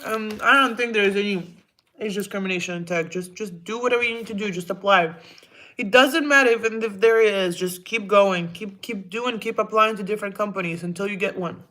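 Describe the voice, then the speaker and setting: A woman's voice: mid-range voice, brisk, bright, forceful tone. A woman hosting a casual livestream at home, chatting and answering viewer comments with frequent laughs and trailing asides. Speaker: livestream host.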